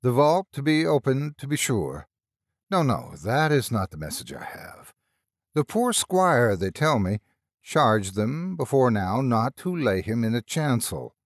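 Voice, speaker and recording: Proper country rector, brisk and a touch impatient, lively delivery, narrator voicing him. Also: male voice, mid-range voice, dry recording, studio quality. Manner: brisk, formal and a little impatient.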